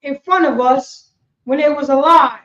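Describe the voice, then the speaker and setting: A woman leads a class in a high voice. She preaches emphatically and repeats herself, jumping between loud bursts and quiet asides. She sounds muffled and lo-fi, in an echoey room. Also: measured pace. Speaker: class teacher.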